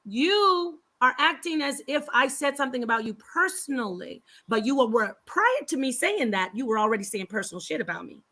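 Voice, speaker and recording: A woman's voice: high-pitched, expressive, fairly quick, few pauses, pushed and bright. A woman in a heated confrontational argument on a panel, trading insults. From Phoenix, Arizona area.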